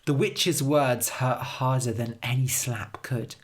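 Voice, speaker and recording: A woman narrating a story for English learners as a scripted read-aloud, with an expressive, lively delivery. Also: very deep voice, slow pace.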